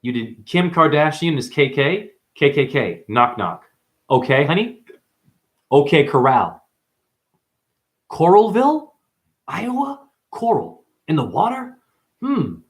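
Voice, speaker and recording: Male vlogger, slightly high voice, animated and profane, rambling spiritual monologue. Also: takes it slowly, pauses often. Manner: animated, profane, calls listeners "honey". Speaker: video monologue host.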